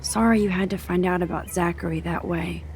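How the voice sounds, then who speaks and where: An actress playing an earnest, soft-spoken young woman student in a game. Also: lowish voice, steady tone, brisk, a little hiss or hum, lightly acted. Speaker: game protagonist.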